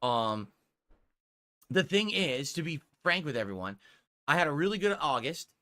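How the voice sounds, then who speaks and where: A man's voice: fairly high pitch, big pitch swings, moderate pace, pushed and bright. A male streamer talking to his viewers, rambling and hedging, pleading for support.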